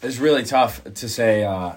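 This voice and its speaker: A man's voice: mid-range voice, moderate pace, slight background noise. A young man guest in a casual radio chat, hesitant and full of fillers.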